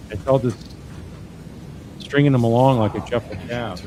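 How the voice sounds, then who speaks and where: A man's voice: medium pitch, normal speed, pauses often, mellow, slight background noise. A man commenting as an attorney on trial evidence, talking in a casual, wry, conversational way as he reads out messages and reacts.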